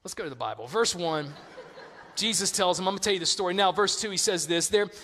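A man preaching a sermon as a pastor, conversational and animated in his storytelling. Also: sits high, fast, big-room sound, a little hiss or hum.

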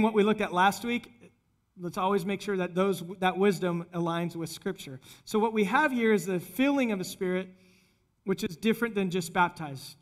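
Male pastor, middle-aged, high-pitched, conversational sermon that turns animated in the retellings.

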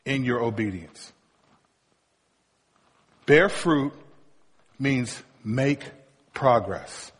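Husky pastor in a reverberant hall. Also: male voice, a little high, fairly bright tone. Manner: storytelling, humorous asides to the congregation. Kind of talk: sermon.

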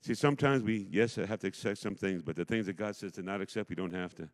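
A man's voice: fairly low pitch, fast talker. Emphatic middle-aged male pastor preaching. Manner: emphatic, swings between loud declarations and hushed asides. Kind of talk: impassioned sermon. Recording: long hall reverb.

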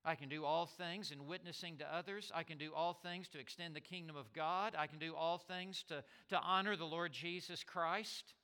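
A man's voice: on the high side, steady tone, normal speed, few pauses, pushed and bright, smooth. A man preaching a sermon as a pastor, stressing and repeating key words, with small stammers as he restarts. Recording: long reverb of a large hall.

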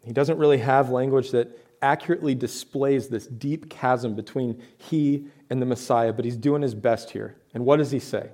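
A man's voice: mid-range voice, fairly even intonation, normal speed, hardly any pauses, mellow. A man preaching a sermon to his church, talking in a conversational way with rhetorical questions and emphatic points. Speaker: pastor.

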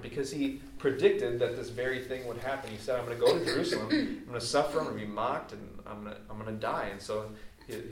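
Man preaching in an echoey hall. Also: medium pitch. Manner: conversational, explaining with asides. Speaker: pastor. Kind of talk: sermon. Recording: echoey hall, distant mic.

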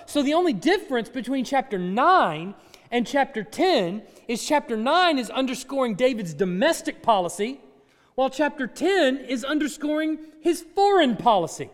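A man with a high voice delivers a conversational sermon from the pulpit and playfully coaxes his listeners. His words ring out with a long reverb through a church sanctuary. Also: big pitch swings, moderate pace. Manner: conversational, playfully coaches the congregation. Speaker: pastor.

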